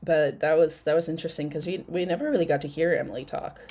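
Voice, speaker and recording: Lady host rambling on a live stream, swears a lot, kinda low voice. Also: quick pace, warm tone. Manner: rambling, chatty, swears casually. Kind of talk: casual live chat reacting to clips.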